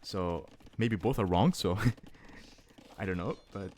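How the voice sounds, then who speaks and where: Low-voiced caster. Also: male voice, slow, mellow, slight background noise. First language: Italian. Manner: thinking aloud, restarting words mid-phrase. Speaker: esports caster. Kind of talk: live strategy game commentary.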